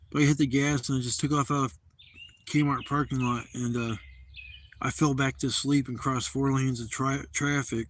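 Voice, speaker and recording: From an outdoor campsite, a man hosts a casual livestream, his medium-pitched voice steady and moderately paced. He tells a long, loose, rambling story full of swearing.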